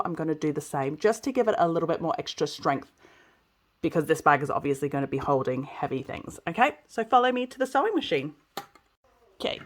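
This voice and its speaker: A woman talking through a sewing tutorial step by step, chatty and relaxed, often checking in with viewers as she works. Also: fairly low pitch. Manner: chatty, explains as she works, frequent "okay" and "so". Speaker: sewing instructor. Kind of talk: casual step-by-step craft tutorial.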